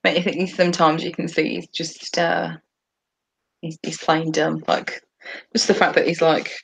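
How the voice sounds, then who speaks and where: Woman, slightly low voice, casual podcast chat, laughs often. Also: flat delivery, measured pace, creaky, fairly bright tone, slightly rough. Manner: chatty, laughs often while talking. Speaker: podcast co-host. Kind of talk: casual chat about a TV episode.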